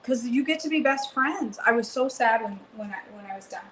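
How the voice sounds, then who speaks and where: A woman hosting a live cooking stream from her home kitchen, chatting excitedly and answering viewers by name. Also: on the high side, fairly quick, slight background noise, poor audio. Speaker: cooking livestream host. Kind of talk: casual live cooking chat, reading comments.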